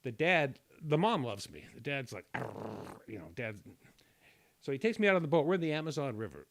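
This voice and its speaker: A man telling a long personal story in casual chat, rambling and self-deprecating, often clearing his throat. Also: medium pitch, sing-song, fairly quick, fairly bright tone, no echo.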